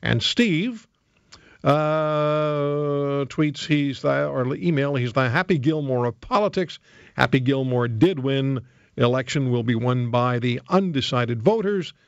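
A man hosting a call-in talk radio show, taking calls and reading listener emails aloud in a brisk, firm manner that pushes back on callers. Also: medium pitch, no room sound. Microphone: studio microphone. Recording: dry, slightly dull studio sound.

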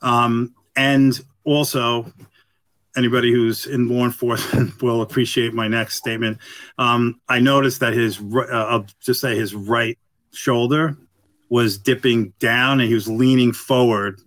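A retired police detective, a middle-aged man, tells a story as an interview guest in a medium-pitched, steady, slightly bright voice with no room sound. He rambles, halts and restarts, and packs his speech with "you know."

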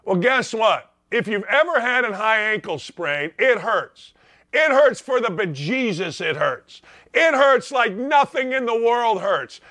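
A man hosting a sports radio show, ranting loudly and mockingly about players. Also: high voice, animated, unhurried, no room sound, clean studio sound. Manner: loud, mocking, does whiny voices of players. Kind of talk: opinionated sports rant.

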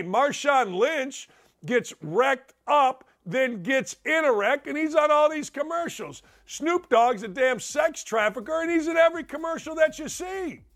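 Brash, gravelly-voiced sports talk host. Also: male voice, extremely high pitch, a bit bright. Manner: brash, wisecracking, rapid riffing.

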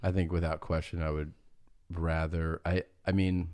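Very low-voiced man chatting casually. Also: moderate pace. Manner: relaxed, rambling with fillers and restarts. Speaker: podcast guest, host's husband. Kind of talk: casual chat.

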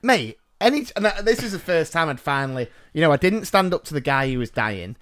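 Animated man telling a funny story. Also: on the high side, a little fast. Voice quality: animated, self-mocking, laughs through his stories. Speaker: podcast co-host. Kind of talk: casual storytelling chat.

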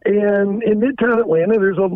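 A man with a rather high voice speaks candidly and haltingly, tripping over his words and restarting sentences. He comes through a thin, tinny phone line with a dry, close sound. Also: dry recording. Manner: halting, stammers and restarts often. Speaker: caller. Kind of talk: candid confessional phone call. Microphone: telephone.

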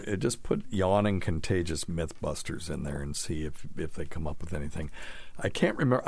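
A man's voice: low-pitched, no room sound. A middle-aged man hosting a call-in radio show, talking casually and bluntly, with offhand scoffing asides. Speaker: radio show host answering caller questions.

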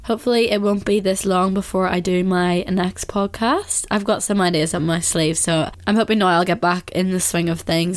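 A woman's voice: on the low side, fairly even intonation, moderate pace, few pauses, no room sound. A woman hosting a casual solo podcast, talking with a blocked-up nasal voice, chatty and blunt, saying "like" a lot and swearing freely. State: blocked-up nose. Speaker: podcast host.

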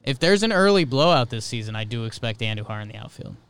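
A man co-hosting a casual sports podcast, playful and riffing on jokes in quick banter. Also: medium pitch, sing-song, a bit bright, clear, resonant tone, dry recording. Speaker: podcast co-host.

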